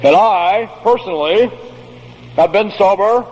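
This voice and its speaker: An older man giving a recovery talk to an audience, with a blunt, profane and animated way of telling stories. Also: high-pitched, unhurried. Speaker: recovery speaker. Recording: faint noise, long hall reverb.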